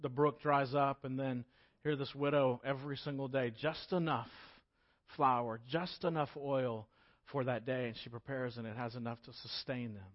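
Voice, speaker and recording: A man preaching a casual storytelling sermon as pastor, talking conversationally and swinging between loud emphasis and hushed moments. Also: medium pitch, steady tone, normal speed, lo-fi sound.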